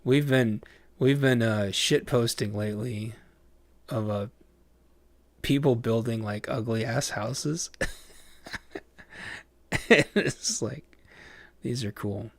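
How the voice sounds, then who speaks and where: A man's voice: medium pitch, slow pace, long pauses, no echo. A man chatting casually on a live stream, distracted, rambling and swearing as he mutters to himself.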